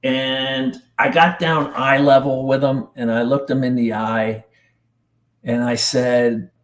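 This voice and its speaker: On a podcast with a roomy echo, a middle-aged New Jersey guest haltingly and intensely shares a painful personal story in casual slang. His voice is mid-range with a level tone.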